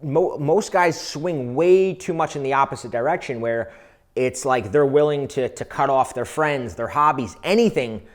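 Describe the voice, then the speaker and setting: A man's voice: medium pitch, normal speed. A man speaking as a dating coach, giving casual, conversational advice to viewers, often repeating words as he goes. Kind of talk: advice monologue.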